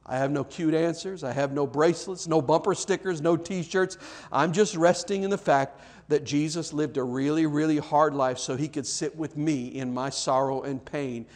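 A man preaching a sermon in a church, earnest, often repeating words and dropping to soft, emphatic lines. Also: on the high side, moderate pace. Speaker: pastor.

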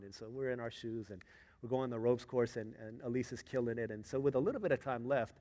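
A man preaching a sermon, telling a family story that swings from hushed asides to loud, emphatic moments. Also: mid-range voice, fast talker. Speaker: pastor. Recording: long reverb of a large hall.

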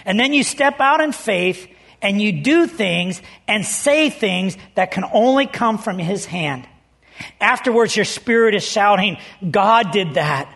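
A man's voice: high-pitched, lively intonation, a little slow, gravelly, a bit bright. A man preaching a sermon as pastor, telling stories in an earnest, conversational way.

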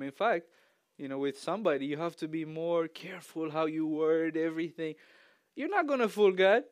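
A man preaching a casual, conversational sermon in a church, chatty and quick to laugh. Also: on the high side, dry recording.

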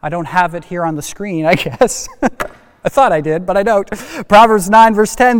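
A male pastor preaching a sermon, asking rhetorical questions and building to animated emphasis, in a church sanctuary. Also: high voice, normal speed, smooth. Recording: long hall reverb.

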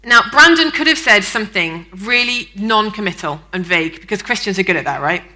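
A woman pastor giving a sermon in a conversational, storytelling way, with fillers and lively acted-out moments. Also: medium pitch, fairly quick, low-quality recording. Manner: lively, acts out the people in the story.

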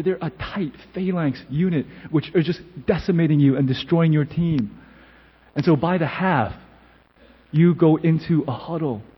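A man preaching a sermon in an earnest, emphatic way with a husky voice. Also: medium pitch, lo-fi sound. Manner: earnest, building to emphatic then settling quiet.

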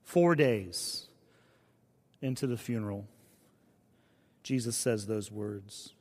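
A man preaching a sermon as a pastor, in a conversational, earnest style that often drops to a hushed delivery. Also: lowish voice, slow. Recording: long reverb of a large hall.

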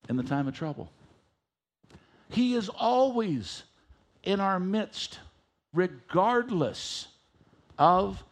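A male preacher with a voice that sits high delivers a sermon, reading scripture aloud and leading the congregation as they read it back with him.

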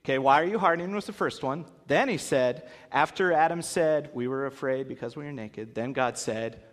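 In a large hall echoing with long reverb, a pastor teaches an audience an interactive Bible lesson at normal speed with few pauses. His mid-range voice is animated as he acts out voices and poses questions to the crowd.

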